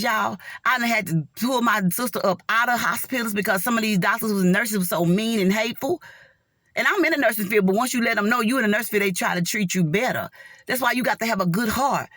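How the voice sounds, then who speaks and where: A woman's voice: medium pitch, fairly bright tone, no room sound, clean studio sound. A middle-aged woman giving a heartfelt, earnest faith testimony in casual talk, often calling her listeners y'all. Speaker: nurse sharing a faith testimony. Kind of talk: casual spoken testimony to viewers.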